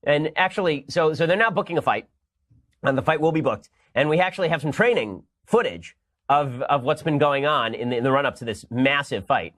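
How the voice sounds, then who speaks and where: A male host giving sarcastic news commentary, fast and mocking, breaking into bursts of laughter. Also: a little high, animated, a bit bright.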